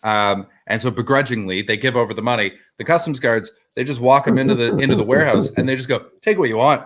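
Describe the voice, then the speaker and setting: A man with an ordinary mid pitch tells a profanity-laced film-set story in casual chat. He acts out the quoted people as he goes, with plenty of ums along the way. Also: fast, fairly bright tone. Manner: swearing anecdote teller, quotes voices. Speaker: podcast co-host.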